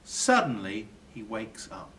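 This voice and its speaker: A male teacher reads a children's picture book aloud with very lively expressive storytelling. His voice rises and falls widely and drops low for drama. He sounds slightly distant from the microphone. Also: slow pace, slight background noise.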